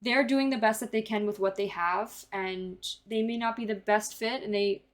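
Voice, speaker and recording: A woman's voice: medium pitch, moderate pace. A woman in her early twenties giving a casual tarot reading, rambling with lots of fillers and the odd swear. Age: early 20s. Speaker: tarot reader.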